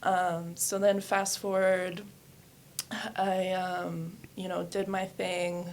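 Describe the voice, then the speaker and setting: A woman's voice: lowish voice, little pitch movement, slow pace, slight background noise. A woman in her thirties, a yoga studio owner, telling her life story candidly in a casual interview, with many fillers. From New Hampshire and West Virginia.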